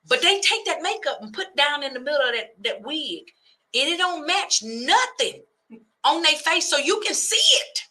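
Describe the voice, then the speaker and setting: A woman radio host, doing an animated comic rant that slips into preacher-like cadences. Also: sits high, normal speed. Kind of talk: comedic talk radio rant.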